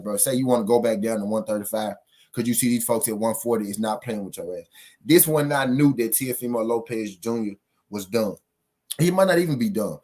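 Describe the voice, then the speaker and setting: A man's voice: mid-range voice, darkish tone. A man giving casual boxing commentary on his own show, emphatic and profane, repeating points for effect.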